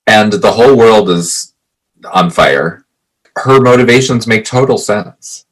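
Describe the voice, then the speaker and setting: A man's voice: fairly low pitch, a little slow. A man co-hosting a podcast, earnestly sharing opinions about a film in casual talk. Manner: earnest, opinionated, restarts mid-thought. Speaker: podcast co-host.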